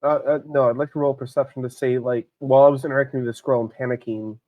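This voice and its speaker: A man's voice: medium pitch, fairly even intonation, racing, no echo, phone-quality sound. A man playing a tabletop game, chatting with laughs and swearing. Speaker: player.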